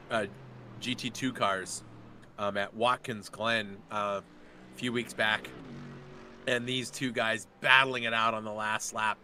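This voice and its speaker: A male race commentator talking through a sim race in a chatty, excitable way. His voice is bright and forceful. A faint hum of engine noise sits behind him. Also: mid-range voice. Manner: chatty, excitable, quick to laugh.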